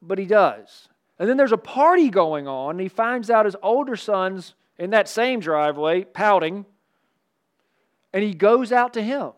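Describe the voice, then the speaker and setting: Pastor, man, light high voice, chatty animated preaching with jokes. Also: a little slow. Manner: animated, conversational preaching with asides and humor. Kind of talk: sermon.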